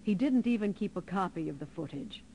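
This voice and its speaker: A man giving scripted documentary narration in an even, explanatory way. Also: high-pitched, brisk, noisy background.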